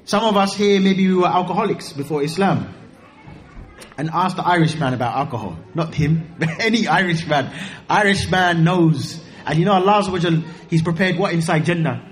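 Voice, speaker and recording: A man giving an animated sermon, joking and rising to high exclaims. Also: fairly quick. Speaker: preacher.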